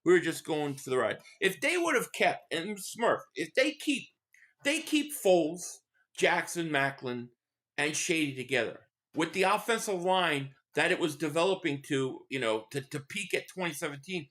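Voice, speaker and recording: A man's voice: a little high, expressive, moderate pace, fairly bright tone. A man from the Philadelphia area live-streaming a football game, rambling in casual chat, reading out viewer messages and giving blunt fan opinions.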